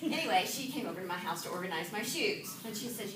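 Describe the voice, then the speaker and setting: Woman, high animated voice, comic speech, echoey distant room recording. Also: fast, hardly any pauses. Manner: animated storytelling with frequent laughter. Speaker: Toastmasters speaker. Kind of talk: humorous speech to a club audience. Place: meeting room with live audience. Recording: echoey room from far off, audible room noise.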